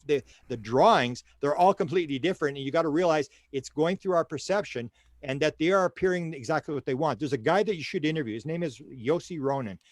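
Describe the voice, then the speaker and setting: An older man, a guest in an interview, telling stories in an animated way and often repeating words while he searches for the next one. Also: a little high, fast, dry recording. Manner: animated storyteller who acts out quoted dialogue. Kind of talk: storytelling in a casual interview.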